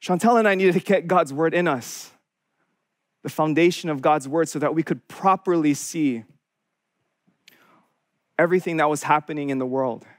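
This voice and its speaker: A young man delivering a sermon as a college pastor, speaking earnestly in a loose, conversational way. His voice sits fairly high, and the recording is close and dry, with no room sound around him. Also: moderate pace, pauses often, no room sound. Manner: earnest, conversational preaching with restarts.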